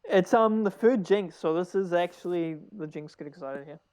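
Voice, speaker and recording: An esports co-caster calling a live card game match, excitable and quick to laugh, often restarting mid-sentence. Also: medium pitch, clean tone.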